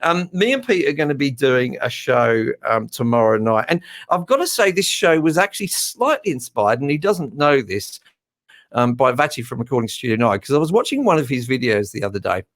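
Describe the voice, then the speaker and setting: A man's voice: mid-range voice, sing-song, brisk, a bit bright. Chatty man hosting a live stream. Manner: chatty, slightly nervous, many fillers. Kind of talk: casual live-stream chat.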